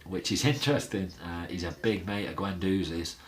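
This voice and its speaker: A man's voice: sits low, fairly even intonation, moderate pace. A man hosting a fan channel, chatting casually and rambling with lots of fillers and restarts. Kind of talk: casual fan vlog chat.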